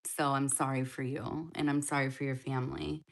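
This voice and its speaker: With a rumbling low voice, a level tone, and vocal fry, a woman talks at normal speed during a casual live-stream tarot reading. She addresses viewers directly and responds to the chat in a loose, chatty way.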